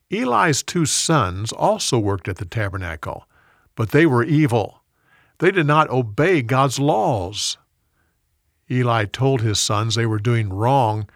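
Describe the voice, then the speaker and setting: A man reads a Bible story aloud at an unhurried pace, his pitch moving with lively expression. The recording is dry and close, with no room sound. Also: no room sound.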